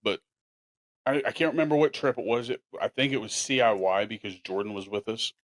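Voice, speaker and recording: A man's voice: fairly low pitch, a little fast, no echo. A man hosting a podcast, telling rambling hometown stories in a casual chat. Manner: rambling, animated storyteller with restarts. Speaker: podcast host.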